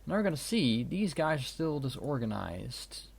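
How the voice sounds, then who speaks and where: A man's voice: medium pitch, big pitch swings, normal speed, gravelly, slightly rough. A man giving casual, wry commentary while playing a strategy game, swearing now and then. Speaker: let's play host. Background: keyboard and mouse clicks.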